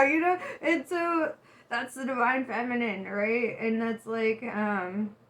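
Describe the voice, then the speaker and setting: Laughing, chatty high-voiced woman tarot reader. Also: slow pace. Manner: laughs often, swears, chatty and animated. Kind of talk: casual tarot reading to camera.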